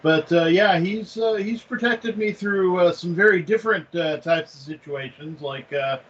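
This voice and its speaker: A man's voice: sits high, moderate pace, fairly bright tone. A man with a slightly raised voice chats casually. He hesitates often and searches for words with frequent fillers. The recording sounds a little dull. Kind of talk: casual chat.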